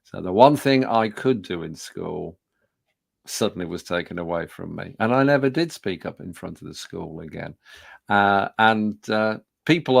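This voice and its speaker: Speaking low with a gravelly voice, this Birmingham man in his 60s, a public speaking trainer, tells self-deprecating stories in a business talk before an audience. He often uses fillers and restarts sentences. The studio recording is clean and dry.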